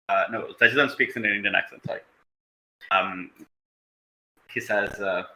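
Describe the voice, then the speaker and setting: A man's voice: on the low side, fairly even intonation, moderate pace, bright, forceful tone, reverberant, low-quality recording. A man playing a tabletop role-playing game, describing his character's actions and speaking its lines with many fillers. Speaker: player.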